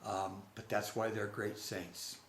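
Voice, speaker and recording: A man's voice: lowish voice, level tone, a bit bright. Male religious speaker, rambling, off-the-cuff reflection, echoey room. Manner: rambling, halting, many restarts. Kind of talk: unscripted reflective monologue. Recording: roomy with faint ambience.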